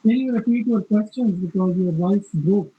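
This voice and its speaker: A man on a video call giving casual advice as a cybersecurity panelist, halting, with many fillers and checking "okay?". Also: high voice. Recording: dull roomy video call audio.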